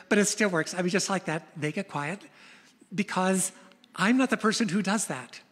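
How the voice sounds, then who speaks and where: An older woman pastor preaching a sermon, telling stories in an animated way. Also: mid-range voice, slightly rough, in a large hall. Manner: storytelling, animated retelling of scenes.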